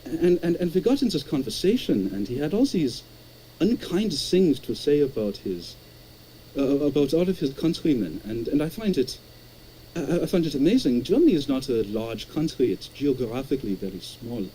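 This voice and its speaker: A man's voice: medium pitch, very animated, normal speed, dark tone, a little hiss or hum, poor audio. A man calling in to chat, stammering and repeating words as he tells stories. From Canada. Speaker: caller. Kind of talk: casual chat.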